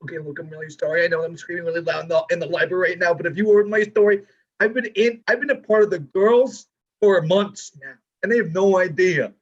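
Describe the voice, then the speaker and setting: A man performs in a live improv comedy scene. His high voice is husky, and he talks in frantic, panicky outbursts. The recording sounds dull and muffled. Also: quick pace.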